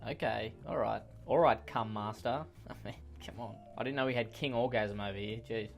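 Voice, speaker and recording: A man's voice: lowish voice, normal speed, creaky, faint music behind. A man giving sarcastic reaction commentary, ranting and mocking with exasperation. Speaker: comedy commentator.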